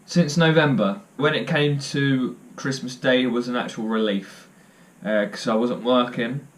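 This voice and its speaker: A young man chats straight to camera, telling stories and cracking jokes at his own expense. He rambles loosely and fills the gaps with ums and uhs. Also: mid-range voice. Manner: jokey, self-deprecating, rambling with fillers. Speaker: vlogger. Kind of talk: casual storytelling to camera.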